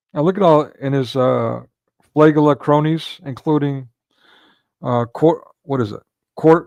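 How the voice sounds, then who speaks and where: A livestream host with a mid-range, darkish voice and vocal fry gives casual commentary with no echo. He rambles, frequently restarting sentences and using filler words.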